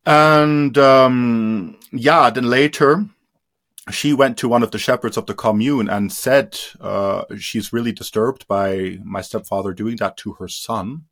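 A man who grew up in India, a guest in an interview giving personal testimony, speaking haltingly with many fillers and restarts and trailing off quietly. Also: medium pitch. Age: adult.

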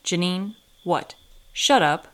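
A woman's voice: fairly low pitch, lively intonation, slow. A woman reading aloud as a fussy know-it-all teenage girl who speaks in clipped, curt lines.

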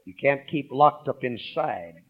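A man preaching a sermon. He calls out to the congregation, swings from loud emphasis to hushed asides, and reads scripture aloud. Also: medium pitch, lively intonation, a little slow, highs cut off.

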